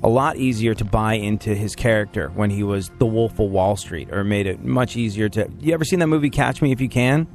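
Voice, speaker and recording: Guy hosting a radio show, rambly and jokey, laughs a lot, soft music in the back. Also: fairly low pitch, a little fast, few pauses. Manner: rambling, joking, laughs often. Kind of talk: casual banter on a radio show.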